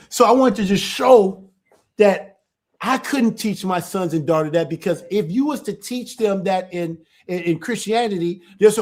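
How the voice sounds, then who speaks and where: A man's voice: high voice, moderate pace. Chatty man checking in with "right?". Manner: animated, keeps checking in with "right?"; repetitive, stumbles and restarts. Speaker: church elder. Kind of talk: casual informal teaching.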